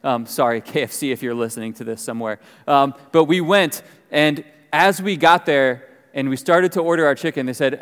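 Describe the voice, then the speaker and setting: A man giving a conversational sermon as pastor, telling stories with lively emphasis. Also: medium pitch, normal speed, clean tone. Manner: conversational preaching, animated storytelling. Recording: long reverb of a large hall.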